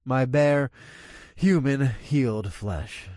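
A man reading an audiobook in the first person, telling an action scene with expressive, energetic storytelling. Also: mid-range voice, slow, dry recording, studio quality. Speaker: narrator. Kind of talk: audiobook narration.

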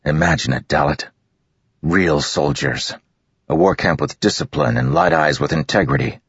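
A man's voice: deep voice, lively intonation, normal speed, creaky, fairly bright tone, husky, no echo, muffled recording, heavily acted. A man voicing a stern young male squad leader who gives clipped, firm orders in a storybook. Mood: commanding.

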